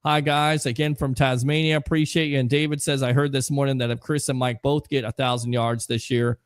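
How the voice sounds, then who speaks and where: A man's voice: medium pitch, little pitch movement, fairly quick, clear, resonant tone, no echo. A man hosting a casual live sports talk show, reading out viewer comments in a chatty way with frequent fillers.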